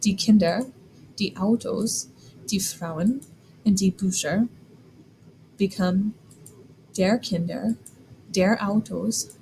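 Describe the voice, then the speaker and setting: Woman, German teacher, clear and deliberate, mid-pitched voice, faint background noise. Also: dark tone, low-quality recording. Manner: clear, deliberate, spells out examples slowly. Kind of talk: scripted classroom explanation.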